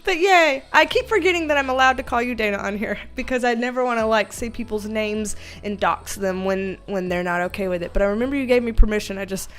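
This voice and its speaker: A young woman hosting a casual livestream, reading viewer comments aloud, giggling often, swearing freely and greeting people with excited bursts. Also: fairly high pitch. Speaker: livestream host, tarot reader.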